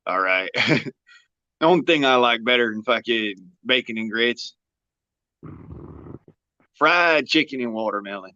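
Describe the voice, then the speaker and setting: A man's voice: medium pitch, expressive, a little slow, long pauses, pushed and bright, lo-fi sound. A man, joking and swearing in a casual livestream chat with a drawl.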